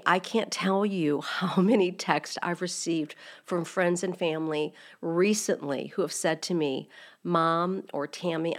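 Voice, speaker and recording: With a voice on the low side, a middle-aged podcast host teaches on faith in a direct, earnest style. She frequently asks her audience rhetorical questions.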